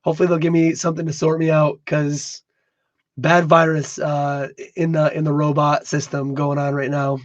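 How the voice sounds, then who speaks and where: A hoarse man who has lost most of his voice, co-hosting a casual livestream podcast and often stumbling and repeating his words. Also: a little high, flat delivery, normal speed, muffled recording. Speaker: podcast co-host.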